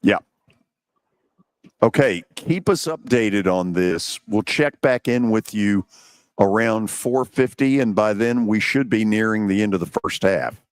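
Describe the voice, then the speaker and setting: An older man hosting a sports talk radio show, steering the calls in a measured way. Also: lowish voice, clean tone, no room sound, studio quality.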